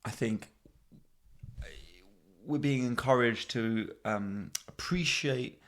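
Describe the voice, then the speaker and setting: A man's voice: mid-range voice, slow, a bit bright. A man in his thirties hosting a comedy podcast, rambling in a self-mocking way and swearing freely. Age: 30s. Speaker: podcast host. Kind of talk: casual comedic monologue.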